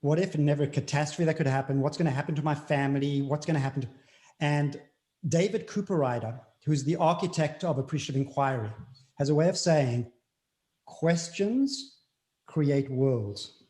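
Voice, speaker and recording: A man with a South African accent talks as an interview guest, earnest and reflective. His voice sits fairly high for a man, and he often repeats his key phrases to drive them home. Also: fast talker, darkish tone.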